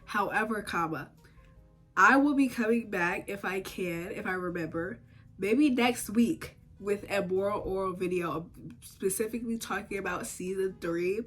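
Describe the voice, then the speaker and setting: A young woman casually recapping episodes of a show in a chatty, rambling, animated way, with slangy asides. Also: medium pitch, unhurried, slightly rough, faint music behind. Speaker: TV show reviewer. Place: home, recording while doing makeup.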